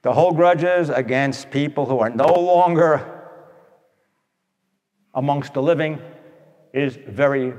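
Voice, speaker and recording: A man telling stories to an audience in a blunt, animated way, tossing in rhetorical questions. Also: medium pitch. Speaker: speaker addressing an audience. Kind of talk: storytelling talk to an audience. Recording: long echoey hall reverb.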